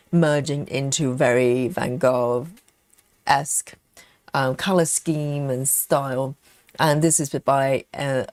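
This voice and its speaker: A woman hosting a cross-stitch livestream, chatting casually and relaxed, with many fillers, snacking on chocolate as she talks. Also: deep voice, no room sound.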